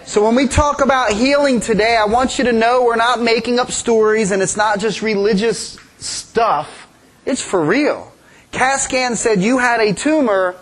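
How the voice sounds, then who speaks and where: A man's voice: very high voice, moderate pace, fairly bright tone. A man leading a church service as pastor, speaking hesitantly and coaxingly with many fillers. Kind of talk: sermon.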